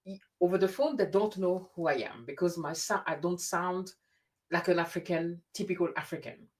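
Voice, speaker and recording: Woman host, slightly low voice, animated storyteller who restarts often. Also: normal speed. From grew up in France. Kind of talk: casual conversation. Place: lives in the UK.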